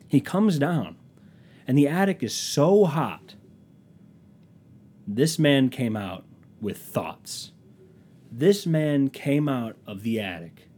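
A man's voice: mid-range voice, a little mellow, slightly rough. A man, hosting a podcast and telling a rambling, profane, self-mocking story in a casual comic style. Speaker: podcast host.

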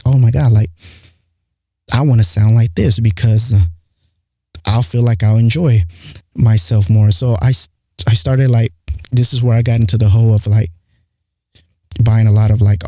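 A man's voice: medium pitch, mellow, no echo. A young man with an accent, hosting a podcast in a rambling, candid monologue full of "like.". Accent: non-standard English accent. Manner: rambling and candid, heavy use of "like". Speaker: podcast host. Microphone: studio mic close up.

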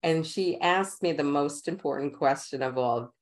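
A middle-aged woman with a Queens New York accent, her voice low, tells stories with lively energy and frequent laughter. She speaks as a guest in a relaxed interview. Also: moderate pace. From New York, USA. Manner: animated storyteller, laughs often. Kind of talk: casual interview storytelling.

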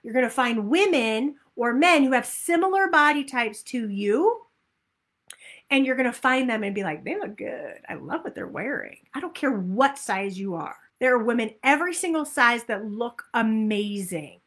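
A woman giving a motivational talk as a weight-loss coach, upbeat and animated, acting out people's inner voices. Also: a little high, normal speed.

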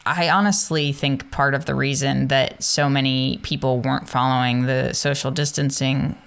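Low, gravelly-voiced woman host. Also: steady tone. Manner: thoughtful, measured, rambling. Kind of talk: casual conversation.

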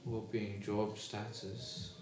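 Host: British man, chatty storyteller, fairly low voice, echoey room with music behind. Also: slow. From Britain. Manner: lively, storytelling, asks questions. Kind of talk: casual chat.

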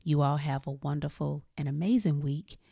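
Low, gravelly woman podcast host. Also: steady tone, normal speed, warm tone, no echo, clean studio sound. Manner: emphatic, repeats "okay?" to the listener. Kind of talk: solo podcast talk, motivational.

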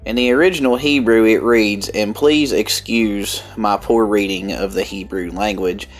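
A man with a country accent preaching a Bible study sermon, earnest and deliberate, with emphatic bursts. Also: fairly low pitch. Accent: Southern US country. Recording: faint music underneath.

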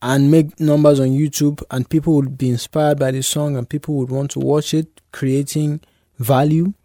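Measured man explaining on a podcast. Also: on the high side, little pitch movement, warm tone, no echo, clean studio sound. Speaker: podcast co-host. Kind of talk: casual chat.

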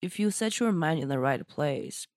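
A woman comedian speaks bluntly and animatedly, her phrasing a little non-standard. Her voice sits low for a woman but swings widely in pitch. The sound is dry and close-miked. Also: animated, moderate pace, darkish tone, no echo. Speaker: comedian guest. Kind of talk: casual chat.

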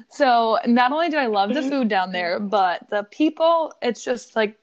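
A young woman with a Buffalo accent talks in a casual podcast chat, blunt and swearing freely. Her voice sits a bit high. The audio sounds muffled and lo-fi. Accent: Buffalo, New York. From Buffalo, New York. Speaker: podcast co-host.

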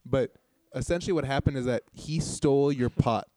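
Guy hosting an improv bit, rambly setup, mellow voice, dry sound. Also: mid-range voice, moderate pace, no echo. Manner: rambling, restarts, laughs while explaining. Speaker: host setting up an improv sketch. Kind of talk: casual chat and sketch narration.

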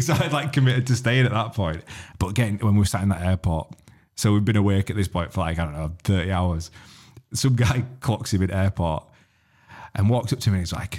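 A man hosting a casual podcast chat, telling stories with lots of laughter and swearing, in a husky voice. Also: on the low side, quick pace, a little mellow. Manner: laughing storyteller, swears freely.

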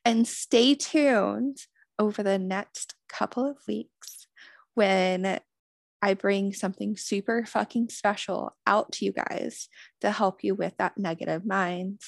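A woman's voice: medium pitch, vocal fry, dry recording, clean studio sound. A woman giving a motivational self-help talk as a spiritual wellness host, earnest, swearing freely and repeating affirmations.

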